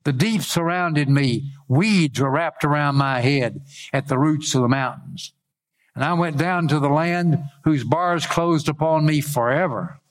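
A man preaching a sermon, reading scripture aloud and breaking off into folksy asides. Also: measured pace. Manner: reads scripture aloud with rising pitch, adds folksy asides.

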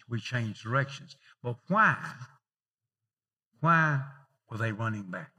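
A man with a husky, slightly breathy voice preaches a sermon. His pitch sits in the middle range, and he talks like a storyteller. He punches up his openings and lets the asides fall soft. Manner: conversational preaching with personal anecdotes; rising emphatic openings then dropping softer. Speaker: pastor.

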